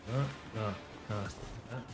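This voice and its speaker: A man's voice: on the low side, slow. A man giving casual, musing commentary while playing a farming game, thinking aloud with hesitations. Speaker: gaming streamer. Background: game music.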